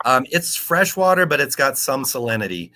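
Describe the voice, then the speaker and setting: A man talking as a guest in an interview, explaining things in a teacherly way and spelling out terms slowly. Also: mid-range voice, big pitch swings, pushed and bright. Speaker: aquaponics educator and podcast guest.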